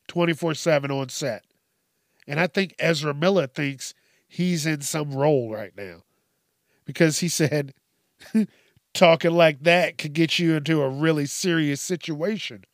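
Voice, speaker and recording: A man's voice: a little high, no room sound, studio quality. A man hosting a casual news commentary show, swearing constantly and laughing at his own stories.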